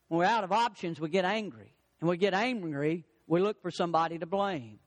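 A man preaches a sermon in a high, ringing voice. He stacks repeated lines with rising emphasis and acts out the people he quotes. A long reverb from a large hall trails behind him. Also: lively intonation, fairly quick, few pauses. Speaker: pastor.

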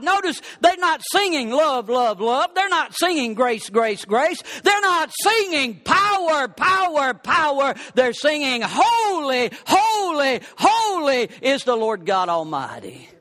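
High, lively, emphatic male preacher. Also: measured pace. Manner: emphatic, repeating words for stress, rising to shouts. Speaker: pastor. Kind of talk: sermon.

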